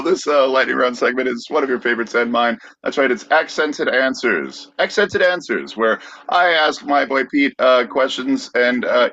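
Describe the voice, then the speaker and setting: A man's voice: medium pitch, fairly bright tone, highs cut off. A man hosting a comedy podcast, easygoing and full of fillers. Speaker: podcast host. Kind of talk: casual comedy banter.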